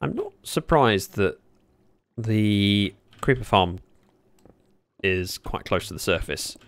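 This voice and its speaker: A man chatting casually at his desk while livestreaming a game, speaking into a desk microphone, with sudden excited yelps. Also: on the low side, slow pace, no room sound. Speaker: gaming livestreamer. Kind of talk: casual commentary while playing.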